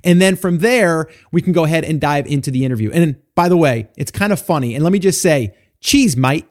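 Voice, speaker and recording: An upbeat male podcast host with a somewhat higher voice talks in a chatty, informal way, filling pauses with uh and you know. He moves easily between introducing a segment and chatting with his guest. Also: lively intonation, a little mellow. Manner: upbeat, laughs often, filler-heavy.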